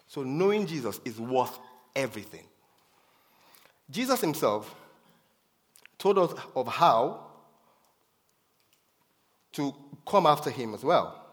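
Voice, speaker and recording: A man's voice: mid-range voice, very animated, slow, pauses often. A man preaching a sermon with emphasis, repeating his key phrases for effect. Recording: long reverb of a hall.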